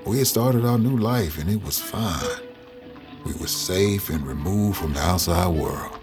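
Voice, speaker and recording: A man's voice: low-pitched, a little slow, music in the background. A man with a Southern US accent playing a freed father who narrates his family's story in a reflective audio drama voice.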